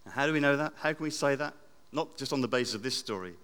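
A man's voice: mid-range voice, expressive, fast talker, clean tone. Reflective man preaching in a reverberant church. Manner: reflective, with repeated phrases and wide swings from loud to hushed. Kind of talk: sermon.

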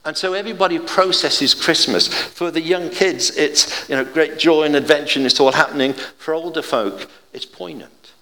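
Older man, pastor, chatty anecdotal sermon, gently humorous, long hall reverb. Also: a little high, moderate pace, hardly any pauses. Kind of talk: informal sermon.

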